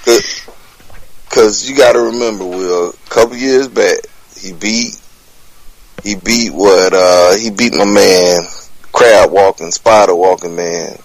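A man's voice: deep voice, takes it slowly, dry recording, low-quality recording. A man co-hosting a casual wrestling chat, teasing and lecturing his friends. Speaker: wrestling show co-host.

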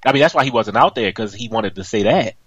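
A man's voice: on the low side, fast talker, husky, no room sound, muffled recording. A man co-hosting a wrestling podcast, talking casually with brash swearing and teasing. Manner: brash, animated, swears freely. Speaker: podcast co-host.

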